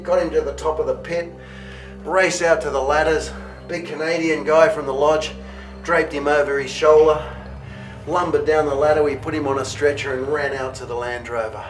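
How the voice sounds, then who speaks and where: A man telling stories from his past in a casual, lively way, acting out what people said to him. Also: fairly high pitch. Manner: animated, acts out dialogue in the retelling. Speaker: interviewee recounting past events. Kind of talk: casual storytelling.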